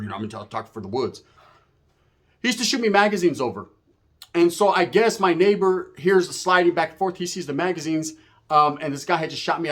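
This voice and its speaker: A man casually telling a story from his time in prison, in profane street slang and with knocking sound effects. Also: on the high side. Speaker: storyteller recounting prison life.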